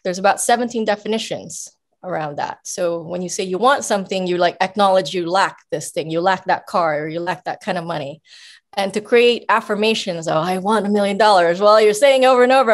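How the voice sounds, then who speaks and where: A woman guest coach giving casual advice, explaining in an emphatic, animated way. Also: mid-range voice, normal speed.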